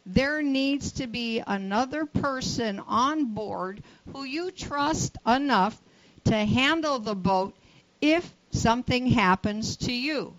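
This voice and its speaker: A woman boating-safety instructor explains the basics on the radio in a practical, matter-of-fact way. Her voice sits a touch high. The sound is muffled and lo-fi, like a call-in line. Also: lively intonation, takes it slowly, no room sound. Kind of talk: radio interview.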